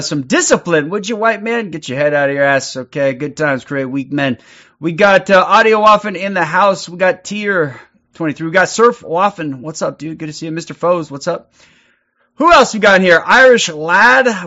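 Bright-voiced male livestream host. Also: a little high, lo-fi sound. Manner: upbeat, greets chat viewers by name. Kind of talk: casual livestream chat.

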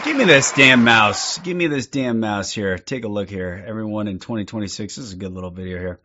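A man streaming, giving crude, excited live reactions to video clips. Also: lowish voice, a little fast. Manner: excitable, crude, hyped outbursts. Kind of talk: profane live reaction commentary. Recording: muffled audio, crowd and noise behind.

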